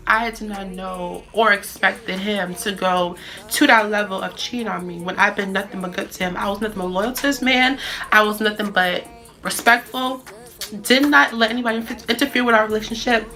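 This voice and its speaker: Young woman from boston area, bright clear voice, chatty storytime w lots of um and like, soft music under it. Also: medium pitch. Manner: chatty, full of fillers and restarts. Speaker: vlogger telling a story. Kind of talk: casual storytime.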